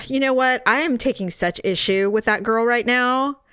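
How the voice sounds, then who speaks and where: Middle-aged woman chatting, lively and sweary, kinda high voice, dry close sound. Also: moderate pace, clear, resonant tone, no room sound. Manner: animated, swears freely, swings up high when riled. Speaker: podcast co-host. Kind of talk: casual chat.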